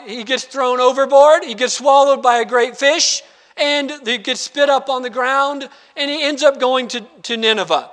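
A man preaching a sermon, animated, acting out quoted lines and reading scripture slowly. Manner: animated, acts out quoted lines with sudden pitch jumps; reads scripture slowly and deliberately. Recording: long hall reverb.

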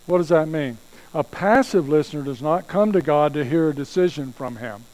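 Emphatic male pastor, higher voice. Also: normal speed, darkish tone, poor audio. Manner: emphatic preaching, acts out quoted voices. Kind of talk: sermon.

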